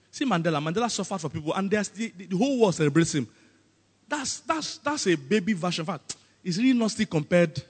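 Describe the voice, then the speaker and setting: A man with a Nigerian accent preaching a sermon as pastor, animated and often breaking into comic voices. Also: fairly high pitch, slightly rough, big-room sound.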